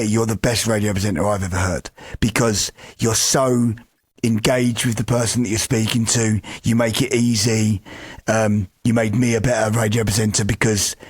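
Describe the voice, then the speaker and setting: Husky man in frank podcast chat. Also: lowish voice. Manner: earnest, stumbling restarts, swears freely. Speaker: podcast co-host. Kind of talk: casual chat.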